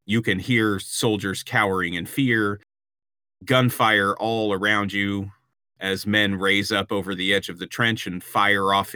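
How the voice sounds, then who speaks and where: A man's voice: lowish voice, sharp tone, smooth, dry recording, clean studio sound. A man narrating a tabletop role-playing game as game master, describing scenes with frequent hesitations.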